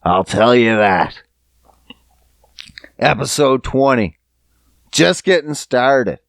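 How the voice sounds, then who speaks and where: A man's voice: medium pitch, expressive, takes it slowly, creaky, no echo. A man hosting a podcast who talks to his listeners in a casual, rambling monologue, swearing freely and joking. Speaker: podcast host.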